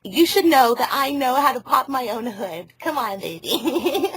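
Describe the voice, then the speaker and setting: A high-pitched woman with a husky, breathy voice rambles over a phone call. She keeps losing her thread and laughing, and the sound is dry and close with no room around it. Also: animated, measured pace, no echo. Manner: rambling, laughs often, loses her train of thought. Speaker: caller.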